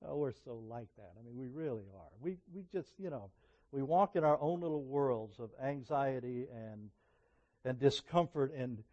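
A middle-aged man preaching a sermon, telling personal stories in a conversational way that swings from emphatic peaks to quiet asides. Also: mid-range voice, expressive, measured pace, highs cut off.

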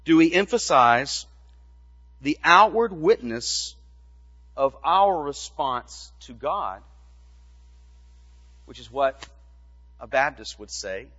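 A male pastor giving a measured teaching sermon, asking rhetorical questions as he explains. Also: on the high side, very animated, pushed and bright, husky, long reverb tail, highs cut off.

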